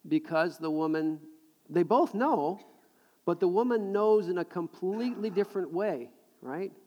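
Animated male preacher in a reverberant hall. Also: sits high, measured pace, dull audio, slight background noise. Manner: animated, jokey, repeats words when building a point. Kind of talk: sermon. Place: large hall with audience.

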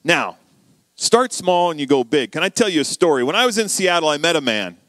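A man preaching a sermon, telling a story and acting out the dialogue with lively shifts of voice. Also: fairly high pitch, brisk, dry recording. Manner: animated, acts out quoted dialogue.

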